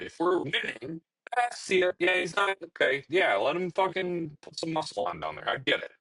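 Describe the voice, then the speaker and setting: A young man rants on a casual podcast, swearing often and sounding fed up with his team. His voice sits at an ordinary pitch, and it is recorded close and dry with no room sound. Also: sharp tone, breathy edge, no room sound, poor audio. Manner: profane, ranting, exasperated. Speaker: podcast co-host. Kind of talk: casual chat.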